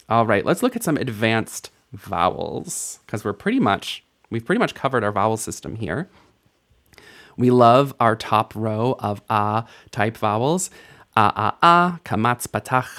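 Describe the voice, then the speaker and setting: A man teaching a recorded language lesson, playful and self-mocking, laughing at his own jokes. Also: mid-range voice.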